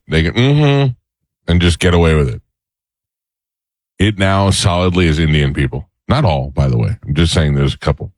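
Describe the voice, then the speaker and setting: Talk radio host, male, middle-aged, very low voice, dry close mic, rambling comic storyteller. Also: lively intonation, moderate pace, dry recording. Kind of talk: casual talk radio banter.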